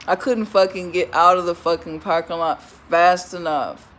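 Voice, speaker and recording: A young adult woman telling a storytime vlog in casual, animated talk, swearing freely, laughing often and groaning in disgust. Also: fairly low pitch, normal speed. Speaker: vlogger.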